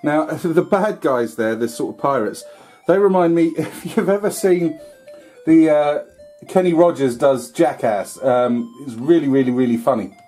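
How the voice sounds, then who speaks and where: Man, retro game commentary, mellow warm tone, rambling with fillers, faint chiptune music behind. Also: fairly high pitch, measured pace. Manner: rambling, filler-heavy, mild swearing. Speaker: retro gaming YouTuber. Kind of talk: casual gameplay commentary.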